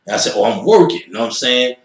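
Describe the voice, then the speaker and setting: Rapid-fire and expressive, a medium-pitched man tells an energetic, profane story in an interview, performing voices and sound effects. The recording is very noisy, with a roomy echo.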